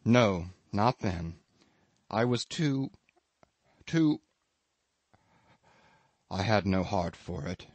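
A man reading the part of a troubled young sailor in an audiobook, speaking slowly and haltingly in a low voice. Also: lively intonation, darkish tone, no room sound, heavily acted. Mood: weary. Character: troubled young male sailor, brooding and ashamed.

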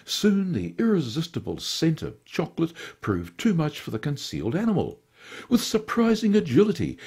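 Man reading a story on community radio, super expressive, warm kinda husky voice. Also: fairly low pitch. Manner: lively, theatrical storytelling. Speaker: volunteer radio story reader. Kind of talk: expressive audiobook narration.

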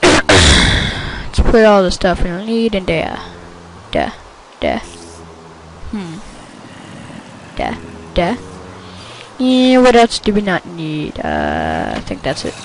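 A woman giving casual commentary while playing a video game, excitable and quick to shout at things on screen. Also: fairly low pitch, slight background noise. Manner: excitable, bursts into yelling at the game. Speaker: gameplay commentator.

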